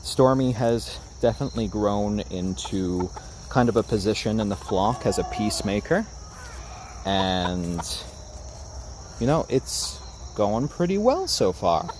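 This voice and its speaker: A man from Japan chatting casually on a livestream about his chickens, recorded outdoors on a phone camera in a backyard, coaxing his birds in a soft sing-song. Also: on the low side, measured pace. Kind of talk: casual live-stream chat. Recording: outdoor phone recording with steady background noise. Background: chickens clucking, insects chirping.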